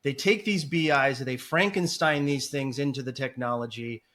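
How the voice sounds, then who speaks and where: A talkative man as a podcast guest, telling stories in animated, rambling interview chat. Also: medium pitch, normal speed. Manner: talkative and animated, apologizes for long answers. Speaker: podcast guest, agency founder.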